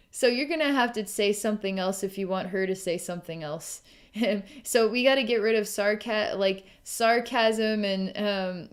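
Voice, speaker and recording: A woman speaking in a middle register as she gives a psychic reading to a client. She muses aloud, pauses often and sighs, with little laughs scattered through. Her voice sits at an ordinary pitch, neither high nor low. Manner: musing, halting, with frequent ums and sighs. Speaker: psychic reader. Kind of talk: recorded psychic session.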